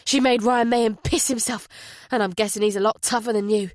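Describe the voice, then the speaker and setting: A woman voicing a steady male investigator in an audiobook thriller, speaking firmly. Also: on the high side, a little fast, no room sound, studio quality, lightly acted.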